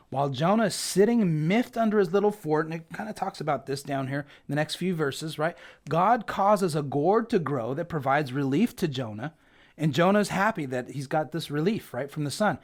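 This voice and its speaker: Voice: mid-range voice, animated, moderate pace. Bible teacher, conversational lesson, chatty, keeps asking the audience "right?". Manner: chatty, peppers points with "right?".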